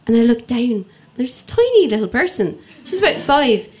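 A woman telling a funny personal story to an audience, lively and acting out the voices of people in it. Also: fairly high pitch, normal speed. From Ireland. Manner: lively comic delivery, acts out quoted voices.

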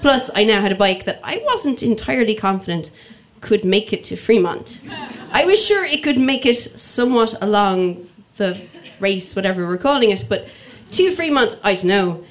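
A woman telling a funny personal story to an audience, lively and acting out the voices of people in it. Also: medium pitch, moderate pace. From Ireland. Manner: lively comic delivery, acts out quoted voices.

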